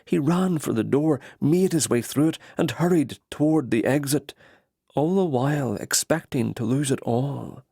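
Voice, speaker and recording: A man narrating a romance audiobook in steady, even storytelling. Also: medium pitch, unhurried, gravelly, breathy edge, dry recording, clean studio sound. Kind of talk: scripted narration.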